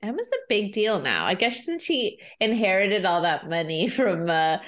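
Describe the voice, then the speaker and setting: A woman co-hosting a podcast in casual chat, talkative and quick to laugh, with lots of "like" fillers. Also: mid-range voice, big pitch swings, a bit bright. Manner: chatty, laughs often, many "like" fillers. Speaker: podcast co-host discussing a TV episode.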